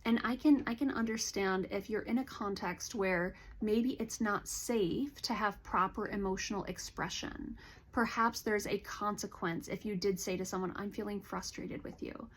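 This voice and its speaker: A woman counselor giving a calm, earnest educational talk to camera, explaining things gently. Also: mid-range voice, moderate pace, slight background noise. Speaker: licensed counselor.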